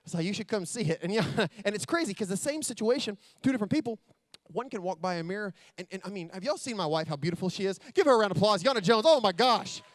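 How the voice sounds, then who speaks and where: Male keynote speaker, high-pitched and excitable, dry close mic, storytelling that ramps up to big energy. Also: fast talker, few pauses, no echo. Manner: builds to loud excited storytelling. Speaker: motivational speaker. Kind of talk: motivational keynote speech. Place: convention stage.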